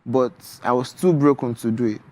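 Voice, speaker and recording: Man, young adult, Nigerian English accent, author guest on breakfast TV, measured reflective speech, mid-pitched voice. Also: warm tone, a little hiss or hum. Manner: measured, reflective, with frequent ums. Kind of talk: TV interview, reading his poetry.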